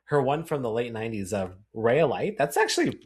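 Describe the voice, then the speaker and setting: Husky-voiced male podcast co-host. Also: mid-range voice, fairly quick. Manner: relaxed, laughs easily, many fillers. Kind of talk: casual podcast chat.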